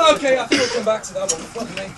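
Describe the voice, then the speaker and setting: A man's voice: very high-pitched, fast. A man emceeing a comedy night, telling bad jokes to a live audience, laughing at himself and swearing. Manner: self-mocking, laughing at own jokes, swearing. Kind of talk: stand-up joke telling. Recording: distant mic, loud crowd.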